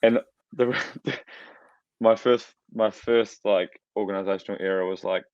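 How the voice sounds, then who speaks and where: A man's voice: on the low side, steady tone, measured pace, no echo. A man, rambling through self-deprecating anecdotes on a podcast. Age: 30s. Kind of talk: casual chat. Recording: dry, dull lo-fi mic.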